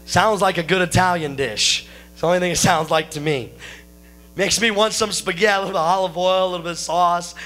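A man with a notably high voice delivers a sermon, walking his congregation through scripture. He breaks in with folksy jokes and turns to address listeners by name. A low mains hum runs under the recording. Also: brisk, fairly bright tone. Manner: folksy, joking asides to the congregation. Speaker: pastor.

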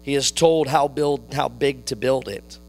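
A man preaching a sermon, slow and deliberate, repeating his phrases for emphasis. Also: mid-range voice, creaky.

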